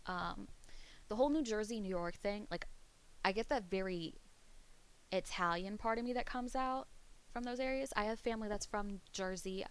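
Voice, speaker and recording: A woman's voice: medium pitch, moderate pace, smooth. A young woman from the US East Coast with a Pennsylvania-tinged East Coast accent, chatting casually to her viewers as a streamer, rambling, laughing often and swearing freely. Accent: East Coast American, Pennsylvania.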